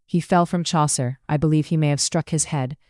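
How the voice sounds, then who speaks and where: A reserved, proud gentleman of the old gentry, speaking in clipped, formal lines, voiced by an audiobook narrator. The sound is smooth, close and dry, with no room around it. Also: mid-range voice, fairly even intonation, fairly quick, no room sound, lightly acted. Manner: curt, formal. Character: stoic, curt proud gentleman. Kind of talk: audiobook character reading.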